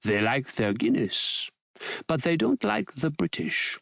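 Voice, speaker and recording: A man's voice: mid-range voice, big pitch swings, unhurried, creaky, a bit bright, no room sound, clean studio sound, heavily acted. A man voicing a sly, sardonic Nazi Reichsmarschall who asks mocking, probing questions.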